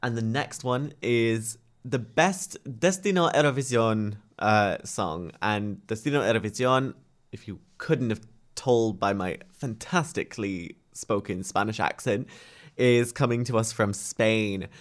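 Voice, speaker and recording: A man's voice: lowish voice, unhurried. A man hosting a podcast in loose, joking casual chat. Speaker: podcast host.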